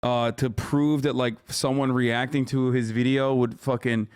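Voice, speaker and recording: A man's voice: medium pitch, level tone, unhurried, clean tone, dry recording, studio quality. A man in his thirties streaming live, ranting and mocking his chat with lots of profanity, combative and sarcastic. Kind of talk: live stream reaction rant.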